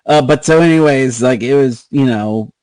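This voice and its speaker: A man's voice: mid-range voice, moderate pace, a little mellow, clean tone, no echo, poor audio. A man, co-host of a podcast, telling a long story in casual chat, rambling and swearing with lots of fillers.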